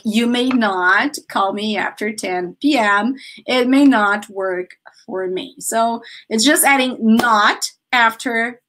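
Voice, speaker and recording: A woman with a Brazilian Portuguese accent teaching an English grammar lesson, lively and laughing often as she drills students with example sentences. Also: fairly high pitch.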